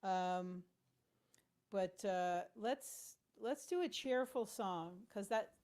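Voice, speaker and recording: A woman singer chatting softly and hesitantly between songs during a live stream, with many fillers. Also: medium pitch, slow pace. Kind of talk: casual chat between songs. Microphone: home live stream setup. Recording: guitar accompaniment throughout.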